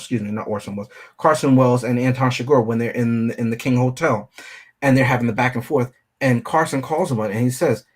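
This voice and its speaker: A man's voice: medium pitch, fast talker. A man hosting a film review show, talking through a movie in a casual, analytical way and often checking in with his listeners.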